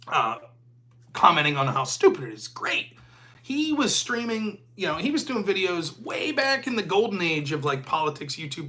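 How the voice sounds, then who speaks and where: A man's voice: fairly high pitch, pushed and bright. A man of forty hosting a live stream, talking in a profane, heated rant. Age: 40s. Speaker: host.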